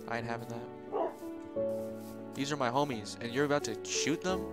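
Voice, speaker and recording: A young man giving casual, slangy gameplay commentary, excitable and often shouting at the game. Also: mid-range voice, normal speed. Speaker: gaming youtuber. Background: loud background music.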